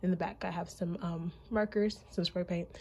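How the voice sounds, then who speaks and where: A woman's voice: fairly low pitch, steady tone, moderate pace, a little mellow, a little hiss or hum. A young woman vlogger giving a casual, rambling tour of her bedroom, slightly out of breath. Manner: chatty, rambling with many ums.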